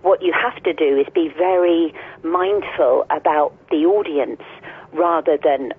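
A woman's voice: low voice, a little slow, breathy edge. A woman, a guest speaker in an interview, talking frankly and chattily with plenty of fillers. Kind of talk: conversational interview. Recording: tinny phone line.

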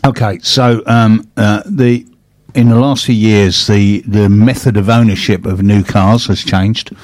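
Chatty man, low and dry. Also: steady tone, a little slow, a little mellow, no room sound. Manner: chatty anecdotes, frequent restarts and laughs. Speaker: host. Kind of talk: casual chat.

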